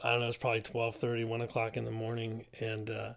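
Middle-aged man with a gravelly voice. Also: mid-range voice, quick pace. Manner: animated storyteller, laughing through the tale. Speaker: pastor and former police officer. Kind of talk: casual storytelling.

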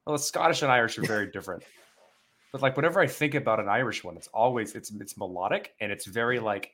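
A man's voice: on the low side, fast talker, fairly bright tone. A man co-hosting a casual podcast, talking in a playful, rambling way. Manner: playful, rambling, restarts sentences. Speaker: podcast co-host. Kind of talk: casual roundtable chat.

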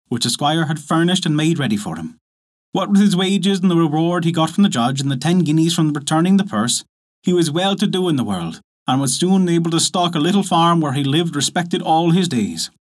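A man narrating a folk tale in an expressive, storybook manner. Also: a little high.

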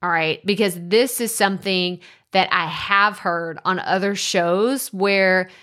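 A woman's voice: mid-range voice, steady tone, slow pace, bright, forceful tone. A woman podcast host giving casual advice in a chatty way, with many filler words like "like" and "so".

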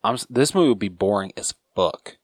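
Guy with a lowish voice, chatty and kinda hesitant, podcast talk, dry mic. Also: animated, a little fast, dry recording. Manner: chatty, hesitant, says um and dude a lot. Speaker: podcast co-host. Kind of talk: casual movie chat.

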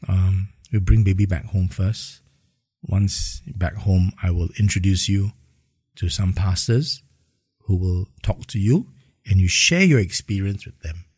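A man voicing his devout older mother, speaking in a soft, steady, reassuring way. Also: low-pitched, unhurried, breathy edge, dry recording, pitched below the performer's own voice.

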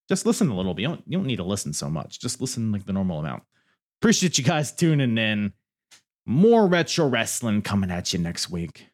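A man's voice: lowish voice, sing-song, fairly quick, a little mellow. A man hosting a solo podcast and answering listener questions, joking and rambling as he goes, often laughing. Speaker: podcast host.

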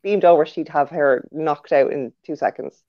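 A woman's voice: sits low, moderate pace. A woman guest on a podcast in casual chat, laughing and agreeing often. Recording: dull lo-fi sound.

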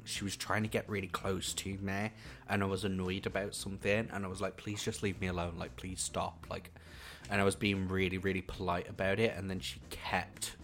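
A man's voice: low voice, a bit bright. A man co-hosting a podcast in casual chat, telling stories with frequent laughter. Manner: chatty, laughs often, camp storytelling. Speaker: podcast co-host.

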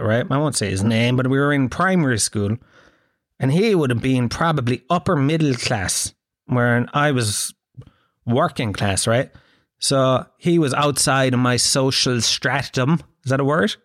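An Irish man telling a comic, rambling monologue, animated and swearing freely as he asks the listener questions. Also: mid-range voice, unhurried, no room sound, clean studio sound. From Ireland. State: occasional cough.

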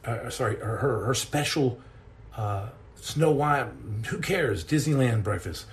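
A man voicing his worried mother, pleading with him in a hushed, urgent way. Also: mid-range voice, lively intonation, unhurried.

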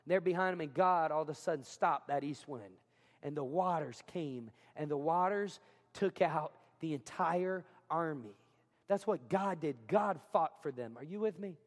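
A man's voice: a little high, normal speed. A man preaching a sermon as pastor, talking conversationally, often asking the congregation questions and acting out quotes. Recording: hall reverb.

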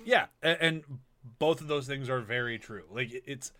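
A man with a bright, forward voice talks movies in a loose, chatty way. He laughs often and riffs with energy, like a podcast co-host among friends. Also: mid-range voice, normal speed. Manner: laughing, animated, riffing. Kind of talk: casual movie discussion.

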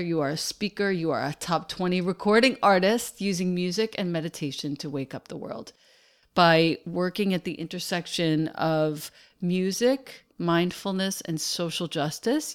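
A woman hosting a podcast, reading in a soft, earnest way with breathy, near-whispered phrases. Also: lowish voice, dry recording, studio quality. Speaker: podcast host. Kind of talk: podcast host read and guest introduction.

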